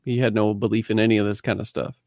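Halting man in casual podcast talk. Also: fairly low pitch, little pitch movement, a little mellow, no room sound, studio quality. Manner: halting, repeats words, measured. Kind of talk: casual chat, reading aloud from a book.

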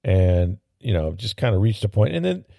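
Gravelly, low-voiced sports talk man. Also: big pitch swings, moderate pace, mellow, dry recording, clean studio sound. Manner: rambling and opinionated, with frequent fillers and restarts. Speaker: sports podcast host. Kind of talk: casual sports talk commentary.

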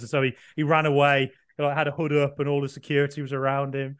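A man's voice: medium pitch, completely flat delivery, fast, few pauses, fairly bright tone, clean tone. A young man from the UK co-hosting a podcast, teasing his co-host and laughing a lot. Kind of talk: casual chat.

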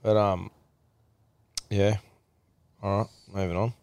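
A man's voice: fairly low pitch, level tone, slow pace, darkish tone, smooth, no room sound. A man co-hosting a podcast, chatting in a laid-back, sweary way. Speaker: podcast co-host. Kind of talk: casual chat.

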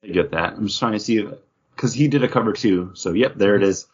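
A lower-voiced man with a husky edge and a lively, swooping delivery, chatting casually on a comics podcast. He rambles through fillers and jokes. The audio is dull and lo-fi. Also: fast talker. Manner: rambling, filler-heavy, jokey. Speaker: podcast co-host.

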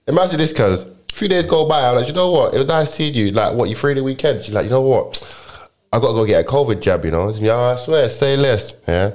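A man's voice: medium pitch, expressive, quick pace, darkish tone. A young man with a London accent, telling a rambling story in casual chat, full of slang and restarts.

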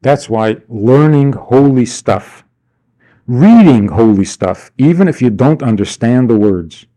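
A man with a warm, mid-range voice teaches a class. His lecture is built on rhetorical questions he answers on his own, sprinkled with wry asides that feign indignation.

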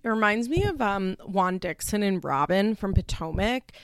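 A woman's voice: medium pitch, lively intonation, moderate pace, clean tone, no echo, clean studio sound. A woman casually recapping a reality show, opinionated and rambling, quoting people as she goes. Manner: opinionated, rambling, quotes people mid-sentence. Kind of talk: casual chat.

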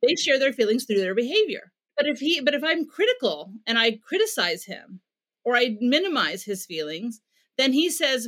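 A woman's voice: fairly high pitch, sing-song, moderate pace, fairly bright tone. A middle-aged woman, a parenting expert, answering in an interview and explaining her methods earnestly, acting out short bits of dialogue as examples.

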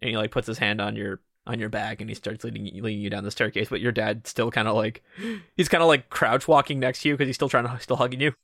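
A man narrating a tabletop game as game master, casual and halting, often laughing. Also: mid-range voice, steady tone, vocal fry, a bit bright, dry recording, studio quality.

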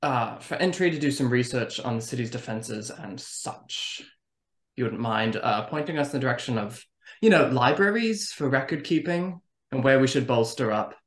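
A man's voice: medium pitch, lively intonation, normal speed. A man playing a tabletop game, chatting casually and bluffing playfully. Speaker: player.

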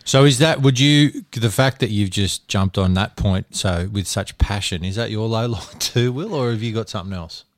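A man's voice: fairly low pitch, normal speed, few pauses, dry recording. A man hosting a casual podcast chat, prompting his guest with questions and teasing him. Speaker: podcast host.

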